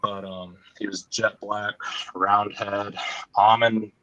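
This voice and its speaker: Man, storyteller, halting, filler-heavy, quiet asides, deeper voice, dry close sound. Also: flat delivery, dry recording, highs cut off. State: choked up. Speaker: guest telling an encounter story. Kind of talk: casual storytelling on a podcast.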